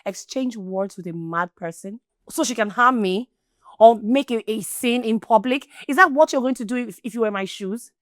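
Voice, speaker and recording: A woman's voice: on the high side, moderate pace, a bit bright, no room sound, studio quality, lightly acted. An actress playing a young woman, defensive and pleading against accusations in a Nollywood film. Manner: defensive, pleading, on the verge of tears. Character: young woman denying accusations, self-pitying.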